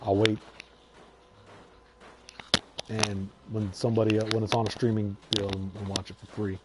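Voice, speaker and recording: A man's voice: fairly low pitch, level tone, fairly quick, very noisy. A man giving a casual, heated movie review on his vlog, swearing often and repeating himself. He speaks into a lapel mic clipped to his shirt. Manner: heated, profane, repetitive ranting. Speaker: vlogger.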